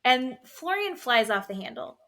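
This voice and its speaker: A woman podcast host recapping reality TV in casual chat, animated and swearing freely. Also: high voice, normal speed, gravelly. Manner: animated retelling with acted quotes, swearing.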